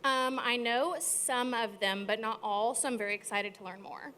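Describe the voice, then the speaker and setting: A woman's voice: on the high side, normal speed, sharp tone, slight background noise. A woman co-hosting a live podcast at a music venue, asking playful, teasing questions. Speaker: podcast co-host.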